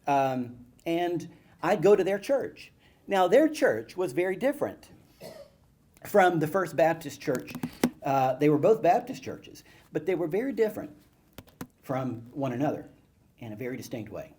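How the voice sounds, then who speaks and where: A man telling childhood stories to an audience, animated and self-mocking. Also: on the high side, unhurried. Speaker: guest speaker. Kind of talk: storytelling talk to an audience. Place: event hall with live audience.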